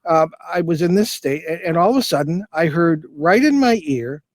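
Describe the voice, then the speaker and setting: A man's voice: on the high side, animated, moderate pace, no echo. An older man, a guest in an interview, telling a long anecdote in a loose, rambling way with many restarts and fillers. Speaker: guest, paranormal investigator. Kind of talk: casual storytelling interview.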